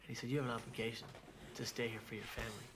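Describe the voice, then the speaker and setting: A man telling a personal story in a documentary interview, halting and repeating his words as he goes. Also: medium pitch, little pitch movement, background noise. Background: music.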